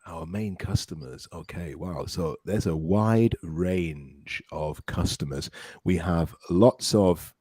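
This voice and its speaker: A low-voiced man teaching English on a podcast, with a mellow tone and lots of lively rise and fall. He praises his student often and drills words slowly and clearly. The sound is dry and close. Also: no echo.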